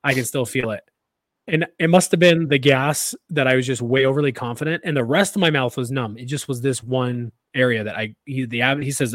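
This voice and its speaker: A man co-hosting a podcast, telling a story in a casual, animated, rambling way full of restarts and laughter. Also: medium pitch, brisk, no room sound. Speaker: podcast co-host.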